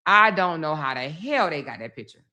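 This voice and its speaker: A woman's voice: sits low, expressive, normal speed, bright, forceful tone. A woman hosting a casual livestream, telling stories in a chatty way, swearing often and acting out what others said. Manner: chatty storytelling, swearing, acts out others' lines. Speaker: livestream host.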